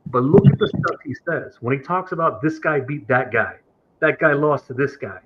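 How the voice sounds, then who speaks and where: A man's voice: moderate pace, very noisy. A man calling into a live streamed show, arguing in an aggrieved, lecturing way and mimicking the people he quotes. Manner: aggrieved, lecturing, imitates others in higher voice. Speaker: caller on a streamed talk show. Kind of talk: heated debate on a live stream. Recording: dull lo-fi stream audio.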